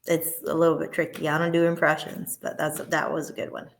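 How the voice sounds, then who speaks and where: A woman in her thirties chats casually as an interview guest. Her voice sits a little low, and she rambles along with plenty of filler words between her thoughts. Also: level tone, a little fast, creaky. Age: 30s. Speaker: guest, pinup model.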